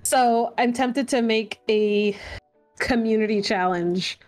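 A woman's voice: on the high side, takes it slowly, a little mellow, no room sound, faint music behind. A woman guest on a podcast, chatting casually and laughing often as she tells a story, with many fillers. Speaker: guest streamer and artist.

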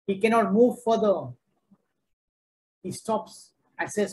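A man's voice: high-pitched, slow, a little mellow, rough recording. A man preaching a sermon, emphatic and repetitive, driving each point home.

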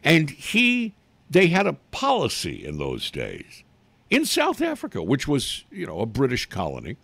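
A man's voice: mid-range voice, wildly swooping pitch, measured pace, gravelly, fairly bright tone, slightly rough, dry recording. An older man hosting a live talk show from his living room, folksy and rambling, often repeating his words.

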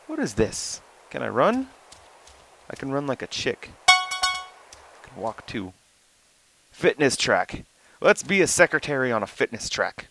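Young male gamer, slow, goofy, swears a lot, bursts into high yelling; gravelly, bright tone. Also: big pitch swings, poor audio. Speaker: gameplay commentator. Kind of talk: casual let's-play commentary.

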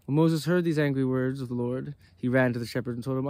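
A man giving a steady, earnest devotional reading at a spiritual gathering. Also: medium pitch, fast talker, hardly any pauses, dry recording. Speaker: reader of scripture at a satsang.

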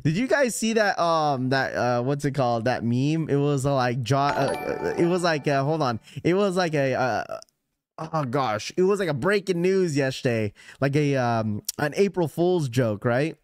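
A man hosting a live stream, talking casually and rambling to his chat. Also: mid-range voice. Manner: rambling, chatty, talks straight to chat. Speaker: livestream host.

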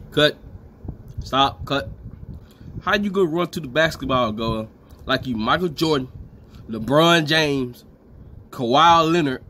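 A man hosting a reaction video, commenting in a loud, teasing, animated way. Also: a little high, unhurried, long pauses, a little hiss or hum.

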